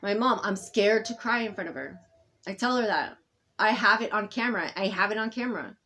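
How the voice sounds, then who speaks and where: Woman, mid-range pitch, rambling vlog monologue, stop-start delivery full of restarts, drops soft then pushes loud. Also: expressive, a little hiss or hum. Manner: halting and rambling, many fillers and restarts; swings between soft murmuring and loud insistence. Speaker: vlogger speaking to camera. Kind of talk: unscripted personal monologue.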